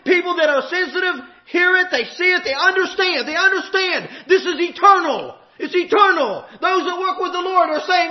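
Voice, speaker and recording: A man preaching a sermon, impassioned and shouting at times, drawing out emphatic phrases. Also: very high-pitched, lively intonation, normal speed, hardly any pauses. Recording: echoey, dull hall recording.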